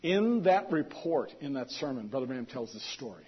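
Husky male preacher telling a story. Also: mid-range voice, moderate pace, muffled recording. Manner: animated retelling, swings from loud emphasis to hushed asides. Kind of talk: storytelling sermon.

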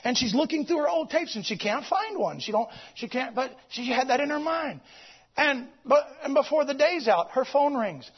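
A man preaching, moving from shouted exclamations to hushed storytelling and repeating his phrases. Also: very high-pitched, expressive, normal speed, slightly rough, lo-fi sound. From United States. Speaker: visiting preacher. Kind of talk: sermon storytelling.

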